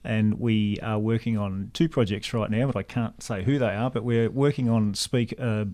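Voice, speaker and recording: Low-voiced enthusiastic male tech guest. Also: fairly even intonation, normal speed, a little mellow. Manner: enthusiastic, explanatory, many fillers. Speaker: guest, speech technology specialist. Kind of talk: casual panel chat.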